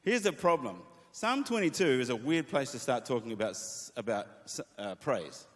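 A man preaching a sermon to worship leaders, reading scripture aloud with feeling and speaking with lively emphasis. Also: medium pitch, moderate pace. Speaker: pastor. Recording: long reverb of a hall.

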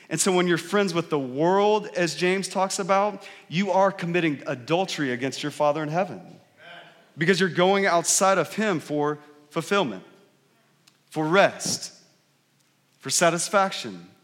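Male pastor with a slightly raised pitch, preaching in a casual, earnest way in a reverberant church hall. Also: expressive, a little slow, fairly bright tone. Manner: conversational, earnest preaching with frequent rhetorical questions. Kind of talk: sermon. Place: church sanctuary.

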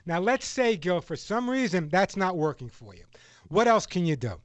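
A man's voice: high voice, very animated, moderate pace, no room sound. A man hosting a radio pet show, giving callers advice in a jokey way and laughing often.

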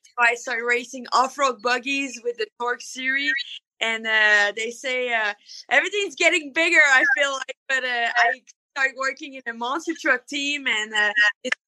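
A woman's voice: high-pitched, moderate pace, pushed and bright, no room sound, low-quality recording. A woman with a French accent, a monster truck driver talking hesitantly in a radio interview. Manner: hesitant, many fillers.

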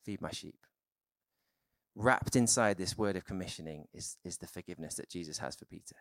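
Casual low-voiced male preacher, dry sound. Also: quick pace, no room sound. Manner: conversational, informal sermon with many fillers. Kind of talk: sermon.

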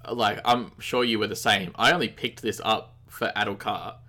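A low-pitched but bright-sounding Australian man chatting loosely about video games on a podcast. He rambles with fillers and eats dinner as he talks. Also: moderate pace. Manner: relaxed, rambling, many fillers. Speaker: podcast co-host. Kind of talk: casual gaming chat.

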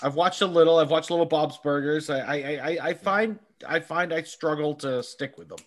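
A man's voice: on the high side, a little fast, fairly bright tone. A man chatting casually as a podcast co-host, asking lots of questions, laughing and stammering as he thinks. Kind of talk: casual chat.

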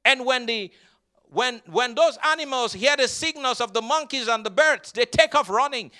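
Leading call-and-response with the congregation, a pastor preaches in a very high-pitched, sharp voice that is clear and resonant. He draws out scripture word by word for emphasis.

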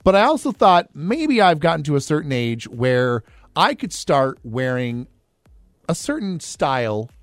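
A man's voice: fairly high pitch, very animated, measured pace, no echo. A man from Iowa co-hosting a radio show, easygoing and self-deprecating in casual banter. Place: radio studio. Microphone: studio mic.

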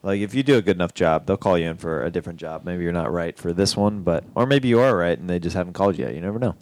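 Chill young guy with a lowish voice chatting on a podcast, dry close sound. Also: very fast, darkish tone, no echo. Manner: easygoing, laid-back, uses slang. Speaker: comedian guest. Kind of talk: casual chat.

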